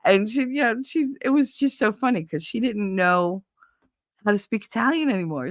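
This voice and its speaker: A woman's voice: mid-range voice, sing-song, normal speed, no echo, studio quality. A woman hosting a livestream, telling blunt, profane anecdotes with frequent laughter in casual chat. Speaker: livestream host.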